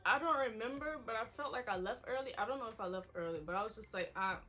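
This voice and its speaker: A woman's voice: fairly high pitch, expressive, quick pace, pushed and bright, soft background music. A woman in her twenties, a vlogger, candidly telling her story to viewers in a chatty way. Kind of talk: emotional story time to viewers.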